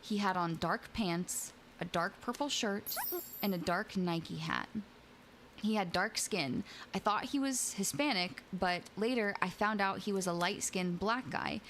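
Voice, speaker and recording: A young woman streams live, switching between reading spooky stories aloud and greeting her chat in a playful, giggly way. Her voice sits at an everyday middle pitch. A faint hiss of noise sits under the recording. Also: measured pace, fairly bright tone. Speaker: VTuber streamer and host.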